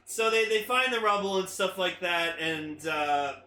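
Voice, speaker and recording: A man co-hosting a casual chat, excitable and laughing often, swearing freely. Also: high-pitched, measured pace, roomy sound, slight background noise. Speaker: podcast co-host.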